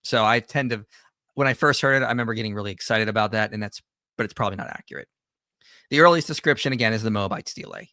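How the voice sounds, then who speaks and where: A man's voice: fairly low pitch, fast, bright, forceful tone, dry recording, clean studio sound. A man hosting a livestream, giving conversational reaction commentary with frequent restarts and self-corrections. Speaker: host.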